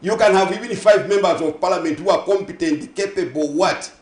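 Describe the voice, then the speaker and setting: A man's voice: high voice, a little fast, darkish tone, reverberant. A man with a Zambian accent, a guest on a morning TV talk show, arguing his point emphatically, stacking synonyms and asking if listeners follow him. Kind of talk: passionate on-air discussion. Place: TV studio.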